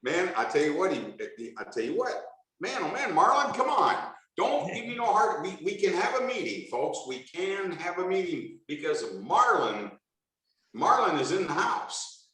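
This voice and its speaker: Lively man hosting a video call roll call. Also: sits high, moderate pace, heavy reverb, distant mic, rough recording. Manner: enthusiastic, jokey, repeats greetings. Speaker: host of a video call meeting. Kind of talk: upbeat welcome roll call.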